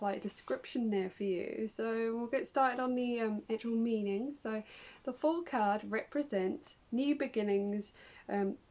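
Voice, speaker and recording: A woman with a somewhat high voice does a relaxed tarot reading for her viewers. She talks in a chatty, upbeat way, peppering her explanations with fillers as she walks through each card. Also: poor audio. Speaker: tarot reader. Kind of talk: casual tarot reading to camera.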